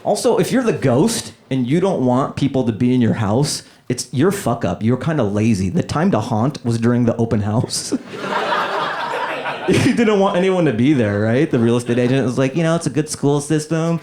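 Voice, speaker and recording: A man in his thirties doing a stand-up comedy set, animated and acting out characters in quick voices. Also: medium pitch, background noise. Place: comedy club stage before a laughing audience. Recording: live club set with loud crowd laughter.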